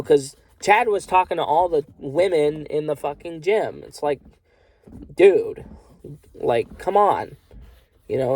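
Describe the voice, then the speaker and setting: A man's voice: fairly high pitch, a little mellow, no room sound. A man ranting casually on a vlog, rambling and swearing a lot, filling gaps with "you know". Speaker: vlogger. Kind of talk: casual rant to camera.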